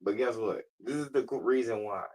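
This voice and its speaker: A man's voice: mid-range voice, a little mellow, breathy edge, low-quality recording. A man streaming live while talking to a voice assistant, blunt, slangy and profane, often laughing. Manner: says he talks fast. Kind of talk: casual live-stream chat.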